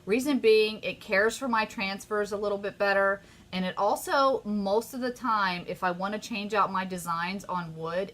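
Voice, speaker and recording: A woman hosting a casual live craft tutorial, chatty and easily excited, often gushing over her work. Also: mid-range voice, slight background noise.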